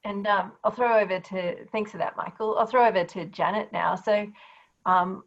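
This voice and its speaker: A woman's voice: mid-range voice, steady tone, normal speed, muffled recording. A woman moderating a webinar, asking loose, conversational questions. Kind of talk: casual moderating.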